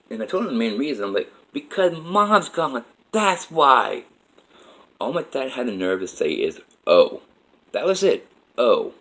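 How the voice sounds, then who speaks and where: A man with a deep, gravelly voice tells a personal story from his own life. He rambles and circles back, repeating himself and leaning on "like" as he goes. The telling is loose and unscripted. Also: rough recording. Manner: rambling, repetitive retelling with many "like" fillers.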